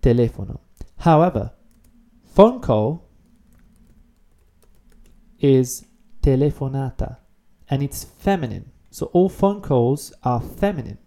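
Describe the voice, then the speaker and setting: A man teaching a beginner language lesson online, explaining phrases patiently and repeating key words slowly. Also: medium pitch, expressive, gravelly, warm tone.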